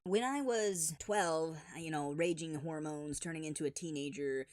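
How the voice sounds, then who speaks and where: A man telling funny childhood stories in an animated, exaggerated voice-over. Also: on the high side, normal speed, background noise. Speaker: storyteller. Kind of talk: animated comedic storytelling.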